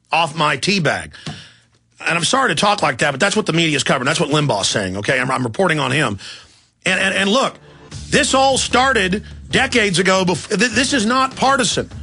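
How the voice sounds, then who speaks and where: Emphatic talk radio host. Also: male voice, high voice, sharp tone, breathy edge. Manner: emphatic, rapid-fire, indignant.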